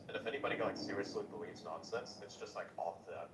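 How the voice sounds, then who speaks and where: Fast-talking rambling man on a voice chat. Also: on the low side, big pitch swings. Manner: fast rambling with filler words and restarts. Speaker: podcast participant. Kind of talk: casual group voice chat. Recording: distant mic with faint noise.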